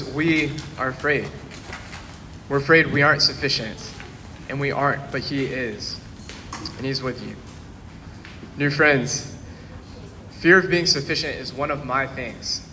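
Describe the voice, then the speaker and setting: A man who is a pastor, preaching a sermon in an earnest, steady way. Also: medium pitch, a little hiss or hum. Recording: long hall reverb, faint ambience.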